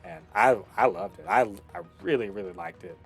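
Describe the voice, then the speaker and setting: Animated profane man reviewing shows. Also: lowish voice, fairly quick, soft background music. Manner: animated, profane, frequent fillers and restarts. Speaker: podcast co-host reviewing shows. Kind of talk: casual chat.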